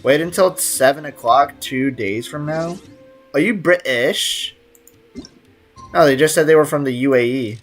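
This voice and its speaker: A man's voice: fairly high pitch, measured pace, soft background music. A man streaming a game, chatting casually and jokingly, reading messages from his chat aloud.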